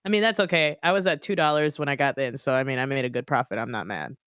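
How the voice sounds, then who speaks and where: A man chatting excitedly with friends on a live stream call. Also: mid-range voice, fast talker, clean tone, no room sound, studio quality. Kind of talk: casual group chat on a live stream.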